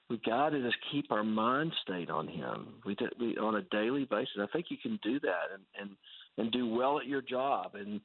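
A man's voice: medium pitch, no echo. A man telling an earnest personal story as a guest, talking casually with many restarts. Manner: earnest, full of fillers and restarts. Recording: tinny phone-like line.

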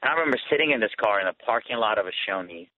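A man's voice: lowish voice, lively intonation, racing, no room sound. A man, a guest speaker and author, earnestly telling his personal testimony in a conversational way over a phone line into a radio show. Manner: earnest, conversational, rising with emotion. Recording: dry tinny phone line.

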